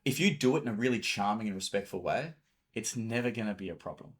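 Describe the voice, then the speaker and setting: A man's voice: fairly low pitch, expressive, fast talker. A man coaching on dating in casual talk, blunt and swearing freely, explaining with acted-out examples.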